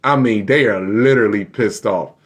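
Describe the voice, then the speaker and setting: This livestream host has a lowish voice and a moderate pace as he talks straight to his viewers. He sounds frustrated but keeps laughing about his computer freezing up.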